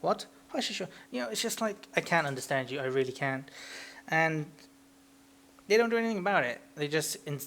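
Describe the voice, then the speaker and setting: A man's voice: on the high side, lively intonation, fairly quick, fairly bright tone. A young British man co-hosting a casual podcast, rambling and ranting crudely, with goofy impressions of people he describes. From Britain. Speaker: podcast co-host. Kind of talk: casual chat.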